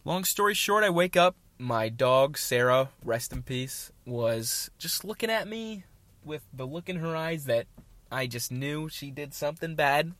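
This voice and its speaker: A man's voice: a little high, lively intonation, a little slow, a bit bright, no room sound. A young man hosting his own show, telling a rambling, self-mocking story in casual chat with jokey asides. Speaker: podcast host.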